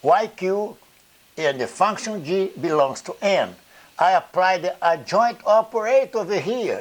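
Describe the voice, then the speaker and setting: Slow, halting man lecturing on math. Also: high-pitched, lively intonation. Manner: halting, repeats words, checks in with "okay?" and "you see". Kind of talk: blackboard lecture.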